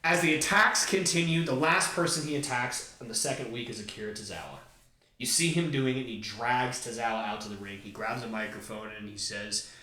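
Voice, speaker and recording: This podcast host is a man with a medium-pitched voice, brisk and sharp-toned. He riffs on wrestling fantasy booking like an enthusiastic, joking fan in casual talk, sounding roomy and echoey, far from the mic.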